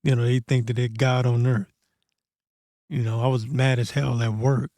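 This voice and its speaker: A man hosting a casual scripture commentary, blunt and profane, tossing in "man" often and reading verses slowly and deliberately. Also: mid-range voice, little pitch movement, mellow, dry recording, clean studio sound. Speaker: host of a prophecy commentary channel.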